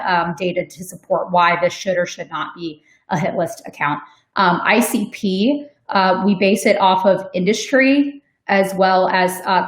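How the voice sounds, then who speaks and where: A woman answering audience questions in a webinar, talking casually with many ums and likes. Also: fairly low pitch. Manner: conversational, frequent "um" and "like", laughs easily. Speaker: sales development manager on a webinar. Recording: echoey room.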